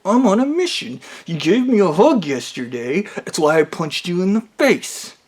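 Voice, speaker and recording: A man's voice: high-pitched, very animated, moderate pace. Man playing a raging cult cop. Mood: menacing. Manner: yelling threats and accusations. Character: unhinged male cult cop, furious and accusing.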